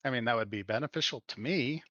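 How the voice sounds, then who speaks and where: A calm, discreet woman bar worker, as a male game master puts her on in a plain voice, hesitating now and then. The sound is dry and a little dull and lo-fi. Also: medium pitch, quick pace, no room sound, lightly acted. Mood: matter-of-fact. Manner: plain, matter-of-fact, hesitant.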